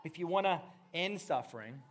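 A man preaching a sermon, impassioned, dropping to hushed tones and rising to loud bursts. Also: a little high, animated, moderate pace. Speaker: pastor.

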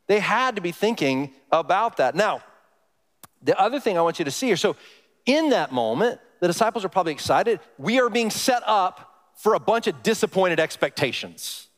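A man's voice: high-pitched, very animated, moderate pace. Man preaching in a reverberant hall. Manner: conversational, asks the congregation questions. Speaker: pastor. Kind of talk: sermon.

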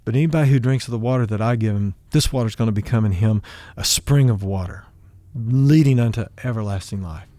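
A man voicing Jesus as a calm, patient teacher, in plain conversational words. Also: lowish voice, fairly quick, no room sound, lightly acted.

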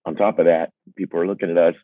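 An older man with a deep, low voice shares candid stories in an earnest, self-deprecating way, often stopping and restarting his thoughts. The sound is dry and narrow, like a phone line. He comes across as a singer-songwriter reflecting aloud. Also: flat delivery, racing, no echo. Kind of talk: candid personal storytelling.

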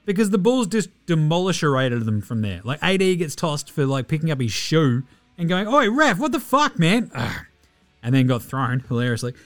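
An Australian man hosting a podcast, giving a fast, casual sports recap, excitable and swearing freely with jokey asides. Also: mid-range voice, no room sound, faint music behind. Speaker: podcast host.

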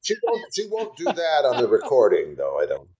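An older man, a guest songwriter, telling stories in a chatty, animated interview style. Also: mid-range voice, brisk, a crowd in the background. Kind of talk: casual interview storytelling.

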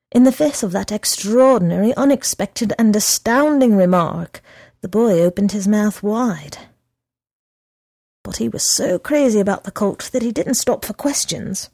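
Woman, storybook reading, slow measured delivery, gravelly voice. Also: mid-range voice, dark tone, no room sound. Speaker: reader.

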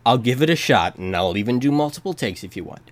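A man's voice: mid-range voice, expressive, quick pace. A man hosting a casual interview over a call, joking and self-mocking, recorded on a handheld recorder mic. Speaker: podcast host. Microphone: handheld recorder mic, remote call.

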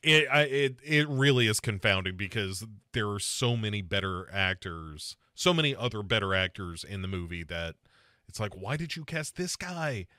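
Podcast host guy rambling about a movie, bright voice, dry close sound. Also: fairly low pitch, normal speed, no room sound. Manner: rambling, conversational, heavy with fillers and restarts. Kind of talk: casual podcast movie discussion.

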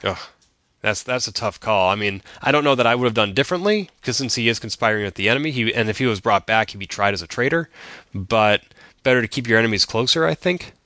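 A man's voice: fairly low pitch, lively intonation, quick pace, bright, forceful tone, no echo, studio quality. A man co-hosting a podcast, recapping an episode in casual chat with wry, joking asides. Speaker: podcast co-host.

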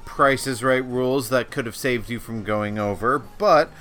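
A man's voice: mid-range voice, unhurried, fairly bright tone, faint music behind. A man hosting a casual price-guessing game, reading items aloud and laughing easily. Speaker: game host. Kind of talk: casual podcast banter.

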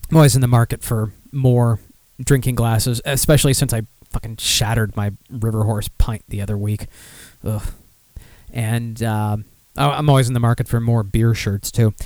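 A man's voice: mid-range voice, moderate pace, a little mellow, no room sound. A young adult man hosting a casual beer podcast, rambling and swearing, with lots of fillers as he reads news stories aloud. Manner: rambling, profane, self-deprecating, many fillers. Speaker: podcast host.

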